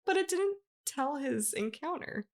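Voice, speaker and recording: A woman's voice: high voice, lively intonation, unhurried. A woman co-hosting a podcast, reading a ghost story in a loose, chatty way and often breaking into laughter. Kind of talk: casual podcast chat, reading a written story.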